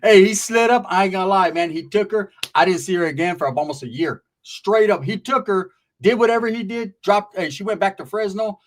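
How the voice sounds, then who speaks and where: A young man from California telling a profane comic story, animated and acting out voices. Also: high-pitched, brisk, few pauses, slight background noise. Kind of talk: comedic storytelling.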